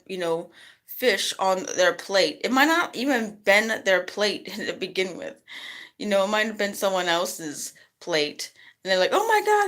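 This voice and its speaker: A middle-aged woman talking casually to camera in a vlog, chatty and rambling, and she jumps her voice up high when quoting other people. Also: sharp tone. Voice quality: rambling, chatty, lots of "you know". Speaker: vlogger.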